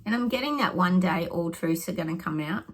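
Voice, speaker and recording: A woman's voice: on the low side, expressive, fairly quick. A middle-aged woman psychic giving rambling predictions to her viewers, thinking aloud and often dropping into whispered asides.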